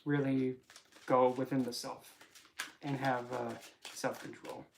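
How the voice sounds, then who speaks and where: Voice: medium pitch, level tone, slow, a little hiss or hum. A tarot reader in a casual vlog who rambles, jokes and keeps interrupting themselves. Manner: rambling, joking, self-interrupting.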